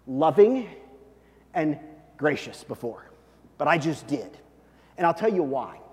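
A man preaching a sermon as a pastor, telling the story animatedly and swinging between loud and hushed. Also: fairly high pitch, big-room sound.

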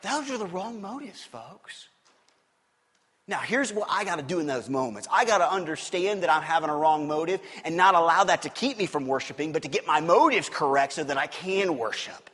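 A man with a fairly high voice preaches a sermon. He is open and conversational and keeps asking his listeners questions. His words ring with a long reverb from a church sanctuary. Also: fairly quick, hardly any pauses, fairly bright tone. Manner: candid and conversational, with rhetorical questions. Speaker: pastor.

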